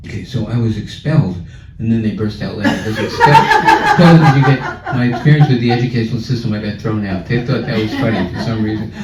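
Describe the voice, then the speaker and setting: A man telling a humorous story in a spiritual talk, animated, laughing often and acting out scenes. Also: fairly low pitch, fast, few pauses, very noisy. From New York. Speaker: spiritual speaker. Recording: echoey room, far and dull.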